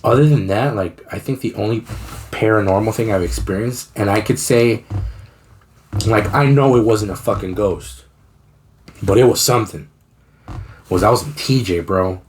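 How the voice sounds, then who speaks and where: A man's voice: on the low side, normal speed, pauses often, a little mellow, slight background noise. A young man co-hosting a podcast, telling a story in casual, slangy, profane talk. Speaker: podcast co-host.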